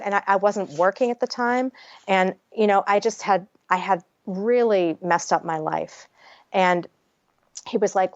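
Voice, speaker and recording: Speaking at a normal pace with a medium pitch, this guest author chats openly about her life on a podcast, dropping plenty of curse words. The audio is dry and a bit dull, without any room sound.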